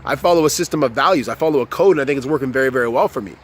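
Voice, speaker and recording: Speaking rapid-fire in a mid-range, slightly rough voice, this young man vlogs an off-the-cuff motivational rant straight to camera. It's profane and repetitive, full of false starts, and he gets steadily more worked up.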